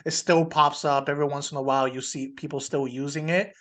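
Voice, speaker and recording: Male podcast co-host, higher-pitched, relaxed storyteller, casual chat. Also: brisk. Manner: relaxed storytelling, laughs often.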